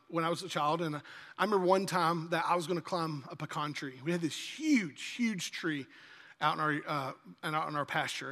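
A man's voice: high-pitched, a bit bright. A man preaching a sermon in a church, telling a folksy story. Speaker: pastor. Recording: long church-hall reverb.

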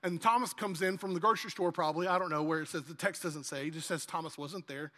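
High bright-voiced man preaching. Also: fast talker, long reverb tail. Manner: animated, acts out dialogue in lively asides. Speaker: pastor. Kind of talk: sermon.

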